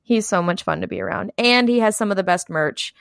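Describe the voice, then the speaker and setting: A woman's voice: medium pitch, wildly swooping pitch, a little fast, no echo, clean studio sound. A woman co-hosting a podcast in casual chat, giggly and gushing. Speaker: podcast co-host.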